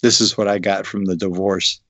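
A man guest on a casual podcast chat, giving relaxed short replies. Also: low voice, brisk, dry recording.

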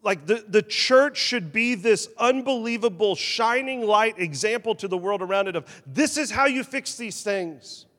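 Male pastor, sermon, slightly high voice, animated delivery, loud then hushed, long hall reverb. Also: moderate pace, hardly any pauses. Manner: animated preaching, shifting between loud emphasis and quiet confession.

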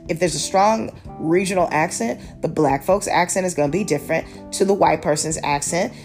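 A woman's voice: lowish voice, a little mellow. A woman podcast host from Baltimore chatting casually about a TV series, rambling with restarts and fillers. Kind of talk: casual TV review chat.

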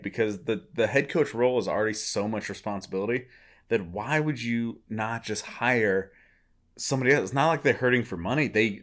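A young man co-hosting a sports podcast, asking measured questions and teasing his partner. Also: on the low side, a bit bright. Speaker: podcast co-host. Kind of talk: casual sports chat.

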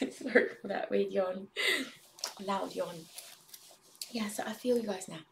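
A woman hosting a casual spiritual livestream, talking in a meandering, airy way with many likes and drifting into soft whispered prayer. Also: mid-range voice, a little slow, vocal fry, far from the mic. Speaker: livestream host.

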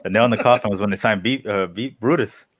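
A man co-hosting a casual wrestling podcast who talks haltingly, repeating words as he goes. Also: fairly low pitch. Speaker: podcast co-host. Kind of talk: casual chat.

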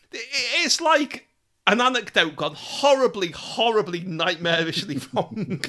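A man co-hosting a casual chat about old comedy records, animated and laughing often. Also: sits high. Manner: animated, laughs often, quick asides and impressions. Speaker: podcast co-host.

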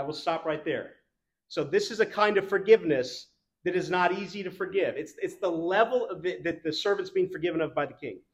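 A young adult man preaching a sermon in a casual, conversational way, with fillers and the odd laugh. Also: high voice. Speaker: pastor. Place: church.

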